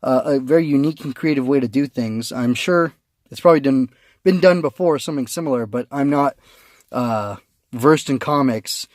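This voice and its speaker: A man's voice: medium pitch, normal speed, no room sound, studio quality. Rambling man reviewing a comic. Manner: rambling, many fillers and restarts. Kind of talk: casual spoken review. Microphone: phone.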